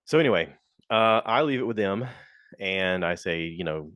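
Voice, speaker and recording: Low-voiced man telling a story. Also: normal speed, no echo, clean studio sound. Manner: animated, slips into quoted voices; frank, complaining. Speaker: podcast host. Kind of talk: casual storytelling monologue.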